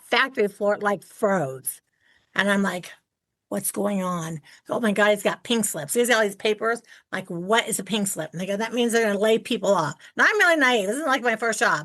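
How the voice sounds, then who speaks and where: A woman in her sixties from Ohio, hosting an interview podcast and telling animated stories with acted-out quotes. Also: mid-range voice. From Ohio, United States. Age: 60s. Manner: animated storyteller, acts out quoted voices. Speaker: podcast host. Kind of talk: casual interview chat.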